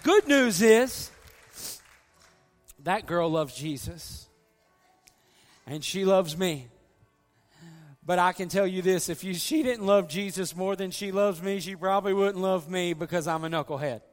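A man's voice: high voice, unhurried, long pauses. A man preaching an earnest, folksy sermon as pastor, pleading with his congregation at the altar call. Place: church sanctuary. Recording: long hall reverb, faint music.

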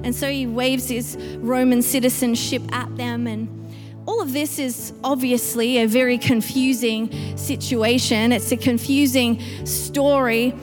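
A woman's voice: fairly high pitch, fairly even intonation, measured pace. A woman pastor preaching a sermon to her church, building to emphatic, rising outbursts. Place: church sanctuary. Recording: long reverb with faint music.

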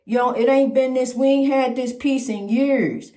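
Folksy preachy woman, high and roomy. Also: normal speed, mellow. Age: middle-aged. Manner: folksy, preachy, calls listener honey. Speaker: podcast host. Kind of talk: casual spiritual talk. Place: indoors at a lighthouse, roomy. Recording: roomy echo.

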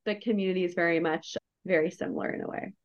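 Her lowish voice holds a steady tone at a quick pace as this podcast guest tells a personal story. She's candid, effusive and emotionally open, with plenty of "like" fillers, heard through a dull lo-fi recording.

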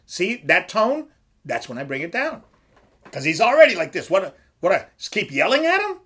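A middle-aged man hosting a casual podcast, with a lively voice that climbs and dips as he talks. He talks like a coach, swears freely and quizzes himself before he answers. His voice sits a bit high for a man. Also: normal speed, a little hiss or hum. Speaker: podcast host and strength coach.

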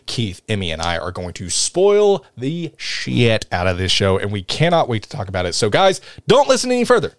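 Lively upbeat male podcast host. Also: medium pitch, dry recording, clean studio sound. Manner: upbeat, jokey, fast plugs. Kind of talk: casual podcast chat.

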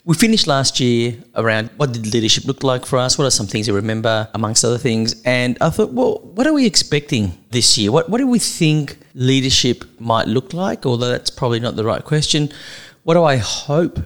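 A man's voice: mid-range voice, lively intonation, fairly quick, hardly any pauses, fairly bright tone. A man with an Australian accent co-hosting a casual podcast, musing aloud and restarting his sentences as he thinks. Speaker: podcast co-host.

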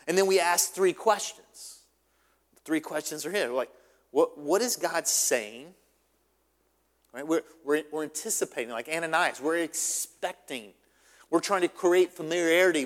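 A male pastor preaching a sermon, lively and repetitive, often checking in with "right?". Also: a little high, big-room sound.

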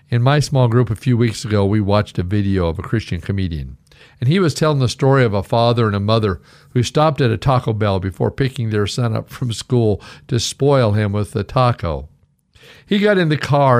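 A middle-aged male pastor giving an earnest radio devotional, telling stories and slowly reciting scripture. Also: mid-range voice, no echo, studio quality. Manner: earnest, warm storytelling with slow scripture recitation.

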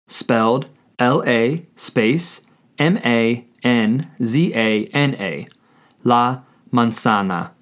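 A man teaching a scripted language lesson, speaking deliberately and spelling words out letter by letter. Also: mid-range voice.

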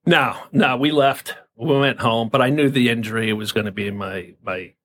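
A man's voice: medium pitch, moderate pace, a bit bright. Intense, stammering man from New Jersey. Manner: intense, profane, stammering repeats. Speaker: guest. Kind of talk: telling a personal story.

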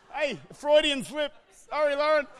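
A man preaching a sermon as pastor, impassioned and often shouting, with joking asides. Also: very high-pitched.

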